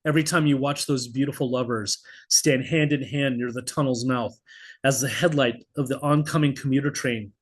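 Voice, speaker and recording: A middle-aged man reading his own poetry in an expressive spoken-word style, blunt and vivid, now and then swearing, over a video call. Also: medium pitch, moderate pace, slightly rough. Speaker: poet.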